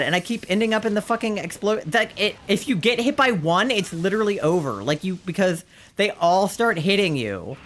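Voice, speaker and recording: Expressive, bright-voiced streamer. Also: medium pitch, moderate pace, slight background noise. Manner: exasperated, swears often, yelps and shouts. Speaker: streamer playing a video game. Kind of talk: live gameplay commentary.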